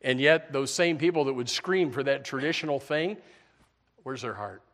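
A man's voice: medium pitch, moderate pace, fairly bright tone. A male pastor preaching a folksy sermon and breaking now and then into mocking put-on voices.

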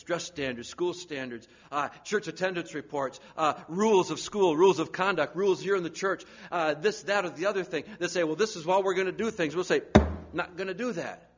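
Husky preacher swinging loud to hushed. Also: male voice, fairly high pitch, brisk, dull audio. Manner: swings from loud urgent pleading to hushed near-whispers. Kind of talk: sermon.

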